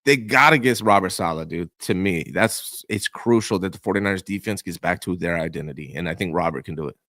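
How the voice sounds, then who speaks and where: A man's voice: low voice, brisk, fairly bright tone, no echo, clean studio sound. A young man co-hosting a casual sports talk show, talking emphatically with casual slang and strong opinions. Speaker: co-host.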